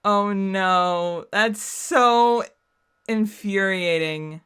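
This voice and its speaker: Exasperated woman gamer, slow delivery. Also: mid-range voice, fairly bright tone, clear, resonant tone. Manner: exasperated, self-scolding outbursts and rambling theorizing. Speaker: gaming YouTuber playing through a game. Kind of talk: let's play commentary.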